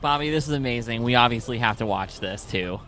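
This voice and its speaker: Rambling, excitable male co-host. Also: mid-range voice, fairly quick. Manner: rambling, excitable, trailing off mid-thought. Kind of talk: casual chat.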